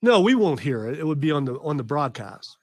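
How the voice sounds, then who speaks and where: Joking talk-radio host, fairly high voice. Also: male voice, sing-song, brisk, no echo, studio quality. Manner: joking, stumbles over names, reads news stories aloud. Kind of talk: casual live radio chat.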